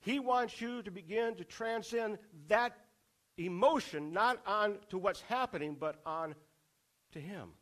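Male preacher, higher voice, sermon delivery, rhetorical questions, repeats lines for emphasis. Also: unhurried, a bit bright.

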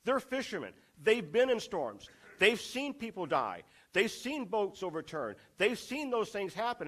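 A man's voice: sits high, fairly bright tone. A man preaching a sermon, asking the congregation rhetorical questions and driving points home through repetition.

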